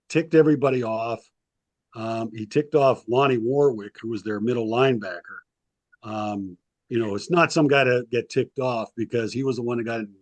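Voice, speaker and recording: Guest historian, male, casual storyteller, filler-heavy, acts out quotes; average pitch, dead-dry recording. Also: a little mellow, no echo. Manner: rambling anecdotes with frequent ums, acts out quotes. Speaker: sports historian and author, guest.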